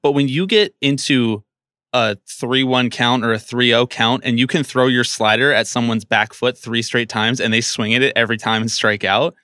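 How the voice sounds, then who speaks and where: A man's voice: mid-range voice, steady tone, normal speed, pushed and bright, no room sound, studio quality. A young man on a podcast in casual chat, jokey and teasing, speaking with emphasis. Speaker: podcast panelist.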